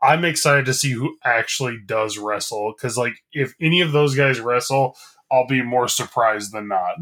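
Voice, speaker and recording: A man's voice: mid-range voice, normal speed, a bit bright. Laid-back man joking around. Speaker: podcast co-host. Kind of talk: casual chat.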